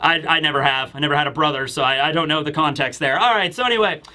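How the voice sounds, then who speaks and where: Excitable high-voiced man reviewing manga. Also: quick pace. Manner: excitable, acts out quotes. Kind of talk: casual chat.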